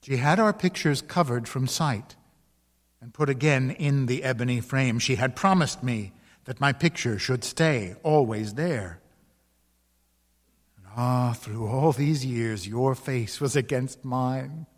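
A devoted ghost woman stepping out of an old painting, as a man reads her part, slow and pleading. Her words drawn out at an unhurried pace, with a long hall reverb trailing after each phrase. Her tone tender and mournful. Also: mid-range voice. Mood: yearning. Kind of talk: dramatic reading of a ghost story.

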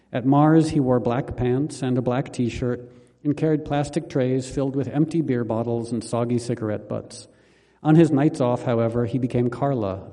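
A man reading his own memoir aloud in a calm, measured, wry manner. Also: medium pitch, big-room sound. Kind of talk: memoir audiobook narration.

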